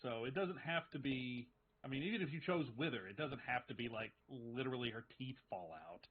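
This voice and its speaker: A man's voice: mid-range voice, fairly quick, husky. A man narrating as game master of a tabletop game, hesitant with frequent restarts. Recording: tinny call audio with faint music.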